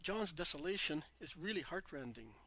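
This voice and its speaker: A man narrating a devotional text in an earnest, measured manner. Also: a little high, expressive, pushed and bright, dry recording. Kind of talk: scripted devotional reading.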